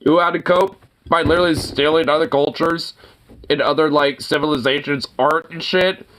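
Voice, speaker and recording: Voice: mid-range voice, fairly even intonation, normal speed, a bit bright. A streamer giving casual, profane reaction commentary on viral clips, rambling with lots of filler words and mocking laughter. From United States.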